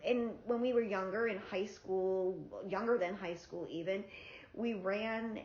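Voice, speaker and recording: A woman vlogger from South Florida telling a personal story in a candid, profane, animated way. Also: medium pitch, a little slow, a little hiss or hum. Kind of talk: casual storytelling. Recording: roomy, slightly dull sound.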